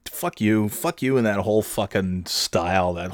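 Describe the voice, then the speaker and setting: A man's voice: on the low side, moderate pace, few pauses, no room sound, clean studio sound. A man hosting a casual talk show, ranting about sports in a profane, sarcastic, rambling way.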